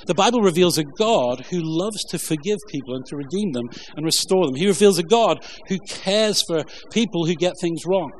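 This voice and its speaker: Male pastor, informal sermon delivery, halting with plenty of ums, quick jokes, slightly raised pitch, faint room hum behind. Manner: informal, halting, many fillers, jokey asides. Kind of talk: conversational sermon with scripture reading.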